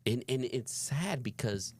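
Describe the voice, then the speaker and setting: A man's voice: medium pitch, expressive, measured pace, slightly rough, no room sound. A man co-hosting a reaction video, giving emphatic commentary and swearing freely. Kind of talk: casual opinionated commentary.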